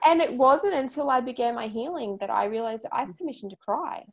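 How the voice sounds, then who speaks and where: A woman's voice: fairly high pitch, fast talker. A woman hosting a podcast, talking earnestly and emphatically, repeating points for stress. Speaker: podcast host. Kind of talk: casual chat.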